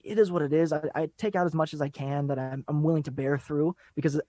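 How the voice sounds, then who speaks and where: A man guesting on a podcast, talking fast and laid-back in casual chat, laughing often. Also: on the high side, steady tone, warm tone.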